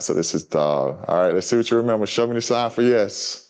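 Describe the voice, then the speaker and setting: A man with a fairly low, smooth and clear voice. He reads a children's story and stops to teach signs to a crowd. His talk is relaxed and chatty, full of fillers. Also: fairly quick. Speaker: guest sign language teacher.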